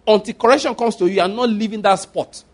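A man preaching a conversational sermon, repeating phrases for emphasis and swinging between quiet and loud passages. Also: high-pitched, fast.

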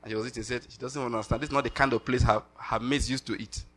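A middle-aged Nigerian man preaching a sermon with animated delivery, slipping into pidgin asides and laughing. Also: mid-range voice, quick pace.

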